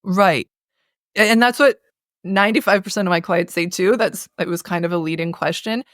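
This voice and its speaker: A North woman, a voice and communication consultant, explaining in a lively conversational interview and demonstrating sounds as she goes. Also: fairly low pitch, moderate pace, no room sound, clean studio sound. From North America.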